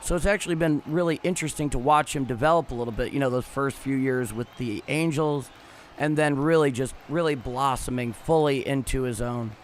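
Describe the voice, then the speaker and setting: Measured man hosting a baseball stream. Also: mid-range voice, slight background noise. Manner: measured, reads out chat messages. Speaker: host of the livestream. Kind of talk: livestream baseball chat and commentary.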